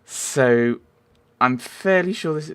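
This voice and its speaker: A man's voice: fairly high pitch, lively intonation, slow pace, a bit bright, clean tone. A man giving rambling, casual commentary over a video game, with wry asides and frequent self-interruptions. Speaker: let's play gamer.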